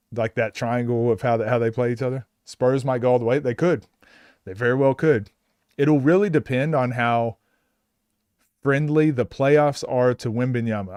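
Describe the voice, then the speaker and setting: A man's voice: medium pitch, darkish tone, clean tone, dry recording, studio quality. Chatty Oklahoman man streaming live. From Oklahoma, USA. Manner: chatty, laughs often, acts out quotes. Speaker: streamer answering chat. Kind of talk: casual live stream chat.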